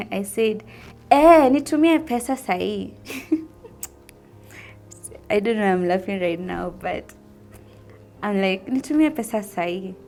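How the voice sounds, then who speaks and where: A young Kenyan woman shares a personal testimony at an unhurried, deliberate pace, her voice sitting at a middling pitch. She speaks softly and slips between English and Swahili. Faint music plays quietly behind her. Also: expressive. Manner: soft-spoken, mixing English with Swahili. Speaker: vlogger sharing a personal testimony.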